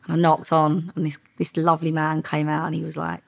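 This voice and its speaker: Gravelly woman telling stories. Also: low-pitched, brisk. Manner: lively anecdotes with quoted dialogue, frequent laughs. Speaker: former undercover police officer. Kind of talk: podcast interview storytelling.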